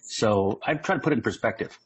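A man from San Diego, a comedian guest, telling animated, jokey stories in a casual interview with frequent restarts. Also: medium pitch, fast, slightly rough, rough recording. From San Diego, California.

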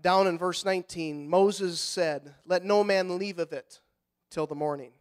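A middle-aged pastor preaching a sermon in a folksy manner, rising to loud fervent passages and dropping to quiet, soft-spoken stretches. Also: male voice, sits high, a little slow, smooth. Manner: folksy, repeats words when fired up.

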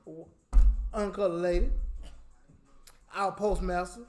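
A man's voice: high voice, steady tone, slow, soft background music. A man doing a bitter older woman, bossy, nagging, complaining.

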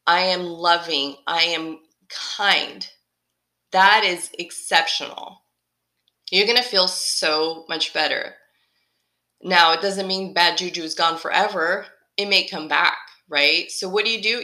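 A woman hosting her own motivational podcast, speaking in a somewhat low but bright, forceful voice. She is upbeat and encouraging, and she circles back to repeat her main points. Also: measured pace. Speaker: podcast host.

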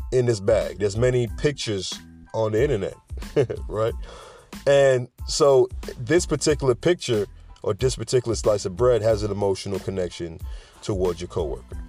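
A man's voice: lowish voice, a little mellow. A man hosting a podcast in a casual, rambling monologue, drifting off topic and chuckling often. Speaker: podcast host.

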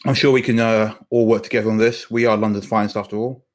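A man's voice: fairly low pitch, level tone, quick pace, lightly acted. A man voicing a tired male police sergeant, diplomatic and apologetic. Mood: placating.

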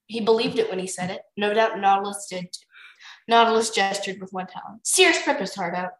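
A woman's voice: medium pitch, fairly quick, reverberant, poor audio. A young woman co-hosting a book club podcast, chatting casually and reading passages aloud. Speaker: podcast co-host.

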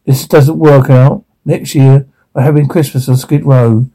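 A man's voice: mid-range voice, fairly even intonation, a little slow, dark tone, husky, rough recording. An actor playing a blunt, sarcastic, foul-mouthed working father in film dialogue. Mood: sour. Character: gruff, foul-mouthed blue-collar father, middle-aged.

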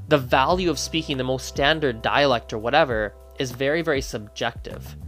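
Man thinking aloud on camera. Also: medium pitch. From Canada. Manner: thinking aloud, animated, frequent restarts. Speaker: language-learning YouTuber. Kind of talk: casual talk to camera.

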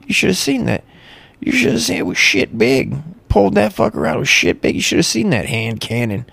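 Comedian doing a shrill, braggy backwoods hick man for a bit, roughened edge. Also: big pitch swings, fairly bright tone, no room sound, heavily acted. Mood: bragging. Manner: hollering, drawn-out brag.

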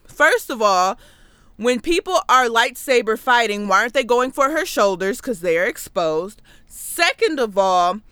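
Hosting a comedic film review from her basement podcast setup, a young woman is sassy and playful, suddenly letting out whoops. Her voice is on the high side, bright, forceful, clear, and resonant, captured in a dry, clean studio recording.

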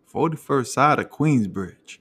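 Husky New York man teasing. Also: medium pitch, a little slow. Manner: joking, teasing, animated storytelling. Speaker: podcast host. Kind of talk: casual podcast banter.

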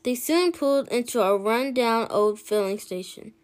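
A woman reading a children's picture book aloud in a slow, expressive way, lifting her voice for the characters. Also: a little high. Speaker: storybook reader.

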